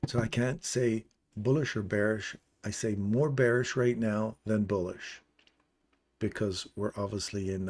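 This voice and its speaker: A man with a slightly low voice talks through price charts on a live stream. His delivery is casual and explanatory, and he keeps pointing at levels on the screen as he goes. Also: darkish tone. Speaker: trading stream host. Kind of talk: live trading chart walkthrough.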